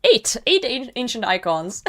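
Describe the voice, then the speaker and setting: A woman's voice: a little high, big pitch swings, measured pace. A young woman streaming a game and chatting casually, reading chat messages aloud and laughing often. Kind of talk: casual gaming livestream chat.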